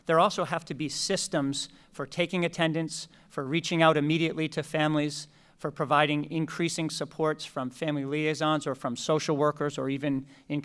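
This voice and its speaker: A man presenting school attendance plans to a committee, speaking in a measured, explanatory way. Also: a little high, a bit bright, smooth. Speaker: school district official presenting. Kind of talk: formal presentation at public meeting.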